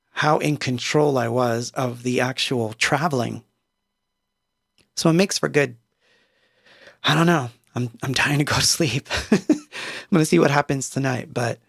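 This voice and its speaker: A man talks loosely on a livestream, circling back and restarting his sentences as he goes. His voice carries a gravelly, creaky texture at a middle pitch. The sound is close and dry, with no room around it. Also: dry recording. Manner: meandering, many fillers and restarts. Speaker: musician livestreaming. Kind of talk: casual rambling livestream chat.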